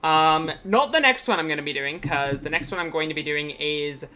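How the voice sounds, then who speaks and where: Game streamer, live gameplay commentary, chatty, frequent ums, crisp bright tone. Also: medium pitch, moderate pace.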